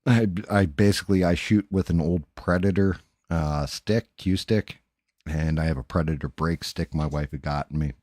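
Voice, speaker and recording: A man's voice: low voice, normal speed, darkish tone, dry recording, clean studio sound. A middle-aged man hosting a livestream, chatting casually and candidly with his viewers in a rambling way, swearing freely. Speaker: livestream host. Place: home.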